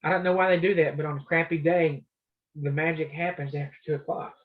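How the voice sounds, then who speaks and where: Man coaching trading, higher voice, muffled audio. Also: steady tone, brisk, over a noisy crowd. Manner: loose, conversational explaining. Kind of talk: casual live coaching session.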